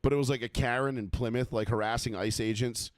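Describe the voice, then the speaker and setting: A man's voice: medium pitch, quick pace, dry recording. Profane Boston-accented man, dry close sound. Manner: swears freely, animated, mocking. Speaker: podcast co-host. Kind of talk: casual profane chat.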